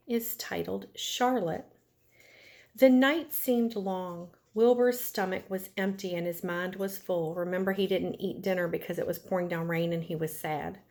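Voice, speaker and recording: A woman teacher reading a chapter book aloud to her class, gently stopping to ask the children questions. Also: lowish voice.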